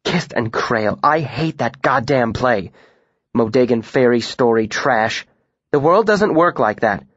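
A worldly young woman with a sharp tongue, blunt and wry, as a male audiobook reader voices her. Her voice sits at a middling pitch, dry and a little dull on the recording. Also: normal speed, dry recording, close to an everyday voice. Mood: venomous. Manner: blunt, wry, by turns gentle and scathing.

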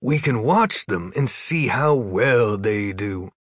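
A man's voice: lowish voice, lively intonation, takes it slowly, breathy edge, no room sound, full character voice. A man voicing a dry, sardonic young male wizard in a storybook reading.

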